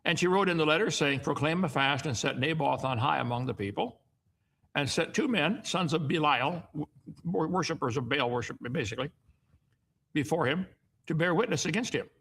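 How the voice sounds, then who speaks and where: Gravelly man reading and explaining scripture. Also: fairly high pitch, lively intonation, moderate pace, fairly bright tone. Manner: folksy asides ending in "okay?". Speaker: Bible teacher.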